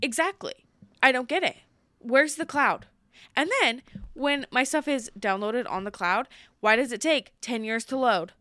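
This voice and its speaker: Young female podcast co-host: crisp, high-ish voice, ranting animatedly in casual chat. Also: unhurried, no room sound, clean studio sound. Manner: animated, heated ranting with rising outbursts.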